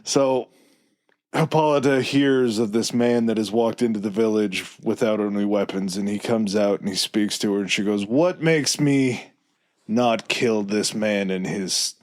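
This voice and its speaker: A man co-hosting a podcast who tells his version of a myth in a slow, measured way and throws in dry jokes. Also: fairly low pitch, darkish tone. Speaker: podcast co-host. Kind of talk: casual storytelling chat.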